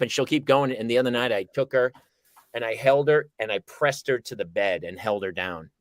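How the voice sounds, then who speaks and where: A man's voice: mid-range voice, brisk, fairly bright tone, dry recording. A man hosting a parenting podcast, teasing with mock-serious jokes in casual chat. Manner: joking, mock-serious banter. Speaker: podcast host.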